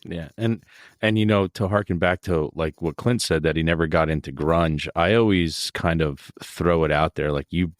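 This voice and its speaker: Opinionated band member, man in his 40s: low voice, dry and close, pushes his points hard. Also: moderate pace, no echo. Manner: emphatic, opinionated, ranting. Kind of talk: casual interview chat.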